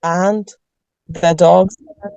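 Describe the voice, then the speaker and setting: A woman improvising a children's folk tale, playful and halting, correcting her own slips as she goes. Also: lowish voice, steady tone, gravelly, warm tone, no echo, lo-fi sound. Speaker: storyteller. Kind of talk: improvised storytelling.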